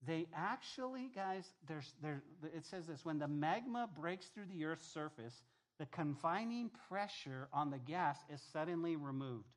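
A male pastor giving a sermon, talking to the congregation in a lively, conversational way and reading scripture softly at the close. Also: on the high side, measured pace. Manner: animated, conversational preaching with asides to the congregation.

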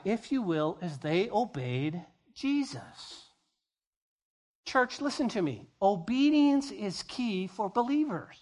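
A high-pitched male pastor delivers a sermon, dramatizing scenes as fast exchanges of dialogue. Important phrases get repeated for emphasis.

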